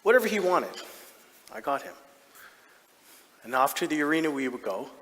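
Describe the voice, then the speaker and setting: On a large theatre stage, a male actor with a fairly high voice plays a proud, doting hockey dad in a comedic monologue. He speaks at normal speed, fond, chatty and self-mocking, breaking into sudden excited outbursts, and the hall is reverberant.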